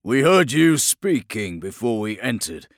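A contemptuous armored jailer, voiced by a male audiobook reader, stern and raised. He speaks slowly, with a dry, close sound. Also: medium pitch, sing-song, no echo.

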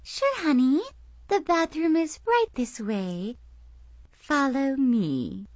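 A woman's voice: high-pitched, very animated, slow, darkish tone, dry recording, voice pushed up, heavily acted. A woman voicing a frantic, flustered middle-aged lady of a fancy house, talking in a fluttery rush.

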